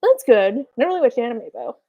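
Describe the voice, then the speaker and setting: Young woman, casual stream chat, rambling, filler-heavy, slightly high voice. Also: sing-song, creaky, muffled recording. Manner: rambling, filler-heavy, quick quoted asides. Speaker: streamer answering fan questions.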